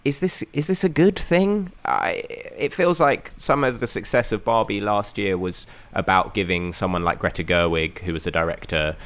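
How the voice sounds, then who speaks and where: A man's voice: sits low, a bit bright, clean tone. A man speaking as a panelist on a news discussion podcast, upbeat and chatty.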